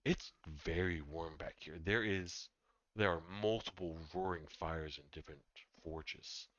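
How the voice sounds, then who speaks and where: Male game master, halting narration, dull lo-fi and dry mic. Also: low voice, a bit bright, no room sound. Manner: halting, with many ums and restarts.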